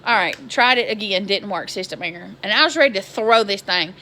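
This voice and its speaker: A woman's voice: medium pitch, brisk. Exasperated woman telling a story. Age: 20s. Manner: exasperated, animated storytelling with Southern slang. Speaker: vlogger. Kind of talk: casual storytelling vlog.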